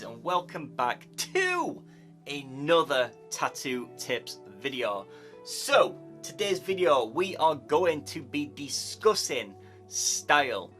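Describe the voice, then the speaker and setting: A man's voice: mid-range voice, fairly bright tone. A man who is a tattoo artist, talking casually to camera and giving tips, with a chatty way of repeating words as he thinks aloud. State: yawning, tired. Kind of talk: casual YouTube advice talk.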